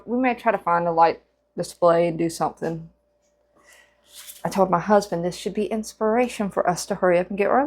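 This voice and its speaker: Crocheting on camera, this female vlogger chats casually in a lowish, gravelly voice with a darkish tone. She rambles along, piling up fillers and correcting herself with frequent restarts.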